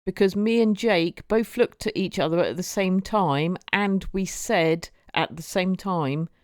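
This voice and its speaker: A woman chatting on a live stream, talking slowly and repeating words as she rambles along. Her voice sits a little low and comes through clear and smooth. The recording is dry and close. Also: no echo. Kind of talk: casual live-stream chat.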